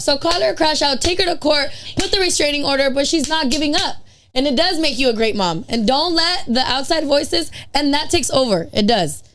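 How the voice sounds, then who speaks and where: A woman's voice: high voice, fairly bright tone. A woman co-hosting a podcast, speaking frankly and casually in support of her guest. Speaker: podcast co-host. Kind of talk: casual chat.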